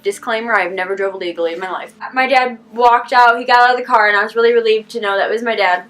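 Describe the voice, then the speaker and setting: A teenage girl vlogger telling a story casually, rambling with lots of "like" and animated quoted reactions. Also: on the high side, fast talker. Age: teens. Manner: animated, rambling, heavy use of "like".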